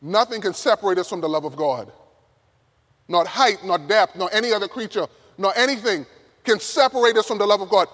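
Man, preacher, high-pitched, emphatic sermon delivery, loud to hushed swings, echoing church hall. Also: brisk. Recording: reverberant hall.

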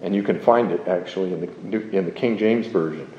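A man preaching a sermon in a slow, measured, emphatic way, explaining a psalm verse by verse. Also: deep voice. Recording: muffled, roomy recording.

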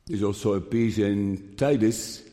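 Male preacher, sermon, slow and emphatic, mellow tone, long hall reverb. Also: lowish voice. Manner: slow, emphatic, repeating phrases.

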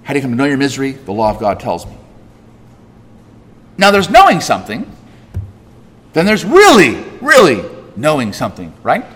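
A man's voice: wildly swooping pitch, moderate pace, pauses often, breathy edge. A man preaching a sermon as pastor, emphatic and full of rhetorical questions, his voice rising and dropping sharply for stress. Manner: emphatic, rhetorical questions, big swings in pitch and loudness. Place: church sanctuary. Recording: long hall reverb.

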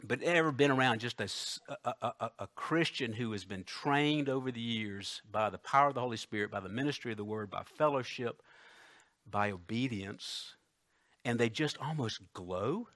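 A man preaching a sermon, emphatic, swinging between loud declarations and hushed asides, reading scripture slowly. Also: medium pitch. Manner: reads scripture aloud slowly and deliberately.

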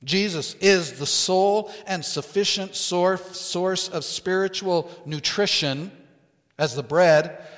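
A male pastor delivers a sermon in a slow, measured cadence, lingering on key phrases for emphasis. His voice sits a little high for a man. It rings out with the long reverb of a large hall. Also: a bit bright. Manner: slow, deliberate preaching with emphatic quotes.

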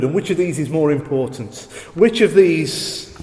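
A man preaching a sermon, slow and emphatic, leaning on repeated phrases. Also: a little high, warm tone. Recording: roomy hall echo.

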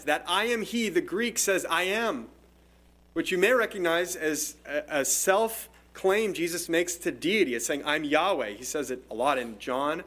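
A man's voice: on the high side, a bit bright. A man preaching an expository sermon in a conversational, explanatory way, often restarting phrases. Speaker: pastor.

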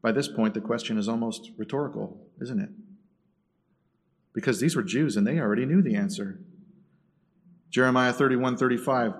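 A man preaching a sermon, dropping to a hush and rising to loud bursts. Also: medium pitch, normal speed, pauses often. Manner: dramatic swings between hushed and loud. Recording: echoey hall from a distance.

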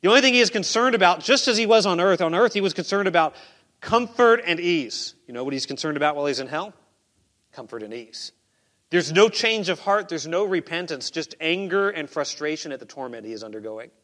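Man, pastor, sermon, bright tone, slightly high pitch, quiet asides, loud emphasis. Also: expressive, quick pace, few pauses. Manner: conversational preaching, swings between quiet asides and loud emphasis.

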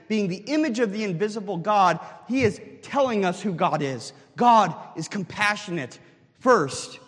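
A man with a high voice preaches in earnest, stopping often to put rhetorical questions to his listeners. His voice rings through a hall, and a long reverb follows each phrase. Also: fairly bright tone. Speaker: pastor. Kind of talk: sermon.

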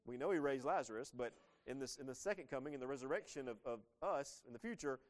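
A pastor in his thirties preaches a sermon in a conversational way, posing rhetorical questions to his listeners. He talks fast and animatedly in a medium-pitched voice.

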